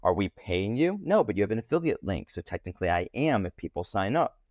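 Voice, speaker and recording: A man speaking as a podcast guest in a casual interview, talking animatedly with lively jumps in pitch. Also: brisk, no room sound, clean studio sound.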